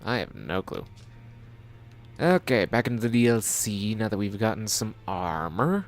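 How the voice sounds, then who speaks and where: Gravelly, jokey game streamer man. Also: fairly low pitch, big pitch swings, a little slow. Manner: jokey, rambling, talking to himself. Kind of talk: casual gameplay commentary.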